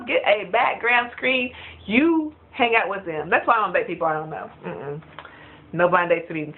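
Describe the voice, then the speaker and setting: A woman chatting in a casual review vlog, gossipy and animated, laughing often. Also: mid-range voice. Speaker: reality TV reviewer. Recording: tinny phone-like sound.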